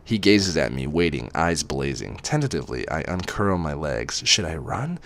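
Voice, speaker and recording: Deep-voiced man reading a romance aloud. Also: very animated, normal speed, vocal fry, fairly bright tone, slight background noise. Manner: first-person narration, dramatic. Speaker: reader.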